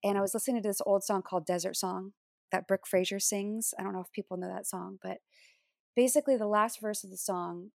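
A woman in her thirties tells a personal testimony as a guest on an interview show. She speaks at a middle pitch, with earnest warmth, and slips into voices as she acts out remembered conversations. The sound is close and dry, with no room echo. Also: fairly even intonation, fairly quick, vocal fry. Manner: earnest storytelling, acting out remembered dialogue. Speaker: worship leader, interview guest.

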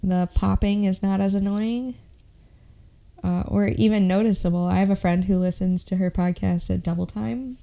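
A woman's voice: mid-range voice, steady tone, normal speed, gravelly, dark tone. A woman co-hosting a faith podcast, chatting in a laid-back, self-deprecating way. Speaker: podcast co-host. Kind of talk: casual chat.

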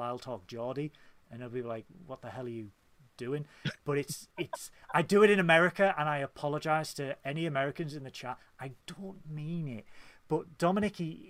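A man from Hull with a Yorkshire English accent, hosting a casual podcast chat, talkative and quick to laugh. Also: mid-range voice, dry recording. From Hull, England. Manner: chatty, laughs often, animated. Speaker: podcast host.

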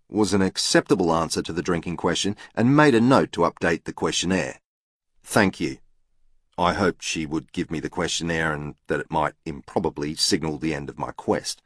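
A man's voice: low voice, fairly bright tone, dry recording, studio quality. A man narrating a novel in the first person with a precise, matter-of-fact manner. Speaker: audiobook narrator.

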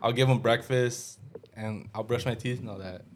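A man speaking as a guest on a casual podcast, relaxed, restarting his sentences and saying "bro". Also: medium pitch, moderate pace, crowd noise. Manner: relaxed, stammers and restarts, calls people bro.

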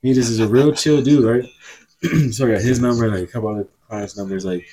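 A man's voice: mid-range voice, fairly even intonation, brisk, warm tone. A young man co-hosting a podcast, chatting casually and telling rambling, laid-back stories. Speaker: podcast co-host. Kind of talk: casual chat.

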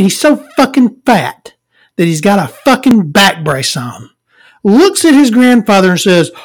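Crude, rambling woman ranting. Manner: crude, rambling and exasperated, heavy swearing; jumps between loud outbursts and low mutters. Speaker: vlogger telling a story. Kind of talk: profane storytelling rant.

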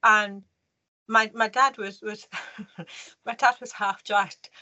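Woman, 50s, interview guest; crisp bright tone, emotional, earnest storyteller. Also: mid-range voice, steady tone, highs cut off. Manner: earnest, emotional, halting restarts. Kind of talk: personal storytelling in conversation.

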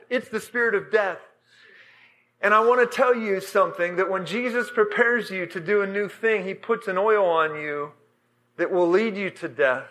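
Preacher guy with a high bright voice, stumbles and restarts a lot, gets emotional telling a vision. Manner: halting and emotional, many fillers and restarts. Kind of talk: sermon storytelling.

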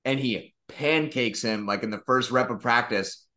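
A man's voice: mid-range voice, moderate pace, pushed and bright. A man co-hosting a podcast, telling rambling, profane sports stories and acting out quotes. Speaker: podcast co-host. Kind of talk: casual sports chat.

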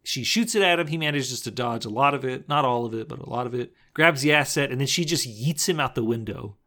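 A man's voice: mid-range voice, fast, bright, forceful tone. A man in a mid-range voice talks through a movie plot in casual podcast chat. He rambles, backtracks, and laughs often as he retells the scenes. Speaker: podcast co-host.

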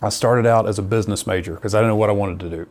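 A middle-aged man, a missionary, telling his personal testimony in an earnest, lively conversational way. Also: lowish voice, rapid-fire. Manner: earnest storyteller, lively retelling.

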